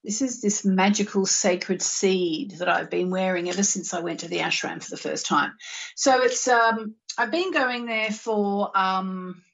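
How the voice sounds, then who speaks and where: A woman with an Australian accent hosts a spiritual live show, chatting casually and rambling with plenty of filler words. Her medium-pitched voice is gravelly and a bit bright, and she speaks unhurriedly. The recording is muffled and lo-fi.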